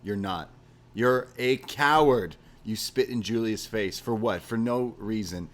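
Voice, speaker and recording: A fired-up young wrestler , as a man quotes him in his own low voice, hurls an angry, defiant challenge at a rival. His delivery is loud and heated, and it stays in his everyday register. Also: unhurried, close to an everyday voice.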